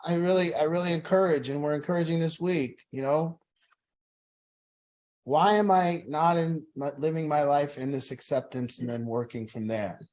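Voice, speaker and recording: A man's voice: a little high, normal speed, darkish tone. Earnest man leading a support group. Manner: earnest, repetitive, plain-spoken, preachy.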